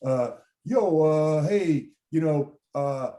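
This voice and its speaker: A man's voice: on the high side, very slow, dark tone. A skeevy New York street hustler, as a man puts him on in a slightly raised voice, rambling and pleading with a put-on New York accent. The sound rings in a roomy space. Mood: wheedling. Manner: rambling, overly honest pleading. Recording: roomy echo.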